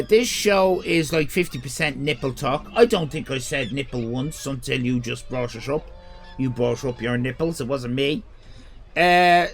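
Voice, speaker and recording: A man's voice: on the high side, animated, normal speed. An Irish man streaming live, chatting casually, rambling, joking crudely and reading chat messages aloud. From Ireland.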